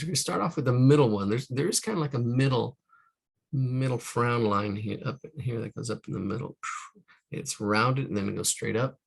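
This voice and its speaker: A man's voice: medium pitch, fairly quick, creaky, slightly rough. A man teaching caricature drawing live, talking through each stroke, counting aloud and trailing off into muttered asides. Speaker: art instructor.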